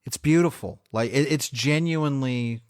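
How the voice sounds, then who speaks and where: A man's voice: medium pitch, moderate pace, dry recording, studio quality. A man co-hosting a film podcast, eagerly retelling scenes with frequent laughter. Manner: enthusiastic retelling, laughs often. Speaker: podcast co-host. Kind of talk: casual film discussion.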